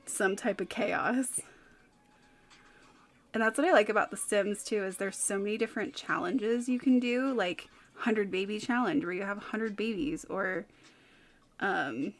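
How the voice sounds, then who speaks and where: A woman's voice: medium pitch, measured pace. A woman in her thirties from California with a light Californian accent, chatting casually as a streamer, rambling and giggling between fillers. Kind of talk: casual chat.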